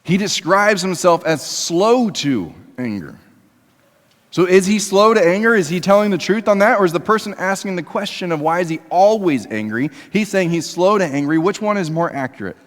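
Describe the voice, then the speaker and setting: A man preaching a sermon in a church, talking to the congregation conversationally and moving between emphatic raised passages and quiet, low ones. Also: expressive, normal speed. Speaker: pastor. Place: church sanctuary. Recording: long reverb of a church hall.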